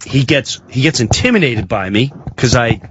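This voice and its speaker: A man, a comedian guest on a talk radio show, telling a story in an excitable, animated way. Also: medium pitch, normal speed, muffled recording, noisy background.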